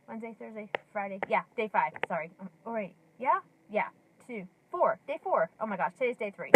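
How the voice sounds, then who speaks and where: A woman's voice: a little high, noisy background. A woman in her thirties talking casually to camera from her car, chatty with many ums and likes, a little out of breath. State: slightly out of breath. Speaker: lifestyle vlogger.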